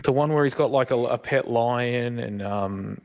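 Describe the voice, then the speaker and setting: A man's voice: medium pitch, unhurried, a little mellow. A middle-aged Australian man co-hosting a podcast, telling stories in a loose, joking way during casual chat. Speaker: podcast co-host.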